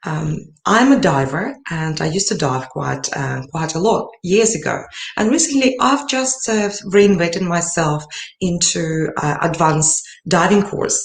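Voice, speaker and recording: A woman's voice: on the low side, expressive, unhurried, gravelly. A woman telling a personal story at a summit, earnestly and with many fillers. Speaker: summit speaker. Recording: echoey room.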